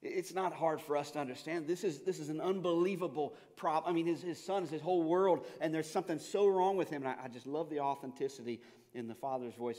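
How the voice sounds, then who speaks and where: A man preaching a sermon as a pastor, earnest and often stammering, moving between loud pleading passages and hushed, reflective ones. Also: a little high, fast talker. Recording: long hall reverb.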